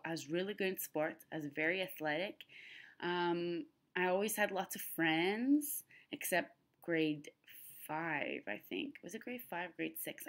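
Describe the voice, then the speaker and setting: A young adult woman talking candidly and emotionally to her camera in a personal vlog, rambling from thought to thought. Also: low-pitched. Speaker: vlogger.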